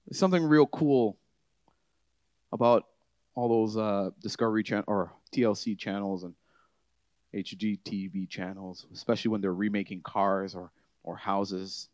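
A man preaching a conversational sermon, shifting from quiet, easygoing asides to emphatic, rising declarations. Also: lowish voice, steady tone, normal speed, no echo. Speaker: pastor.

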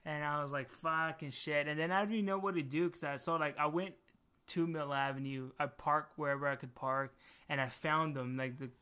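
A man's voice: fairly high pitch, steady tone, moderate pace, pushed and bright, smooth. A young man co-hosting a casual podcast, telling rambling stories with heavy swearing. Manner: loose storytelling with heavy swearing. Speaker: podcast co-host. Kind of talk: casual chat.

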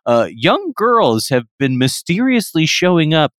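A man's voice: on the high side, big pitch swings, measured pace, fairly bright tone, no echo, clean studio sound. A man doing a solemn TV newsman. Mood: mock-grave. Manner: mock-serious announcer delivery. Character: grave male TV news anchor.

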